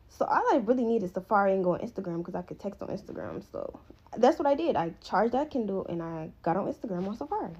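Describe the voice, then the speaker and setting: Young woman, lively storyteller, playful and a bit dramatic. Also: mid-range voice. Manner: playful, dramatic, talks straight to viewers. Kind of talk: casual storytime vlog.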